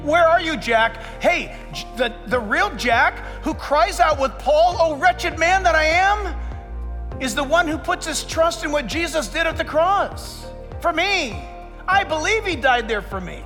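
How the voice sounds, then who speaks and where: A man preaching a sermon as pastor, emphatic and joking, jumping from loud punchlines to quiet asides. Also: animated, in a large hall, faint music behind. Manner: emphatic, rising to shouts and dropping low for asides; joking, with quick laughs.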